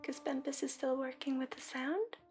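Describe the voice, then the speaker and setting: A woman with a Swedish accent hosting a livestream as an intuitive reader, talking softly and often half-whispering, affectionate with viewers. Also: high-pitched, moderate pace, soft background music. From Sweden.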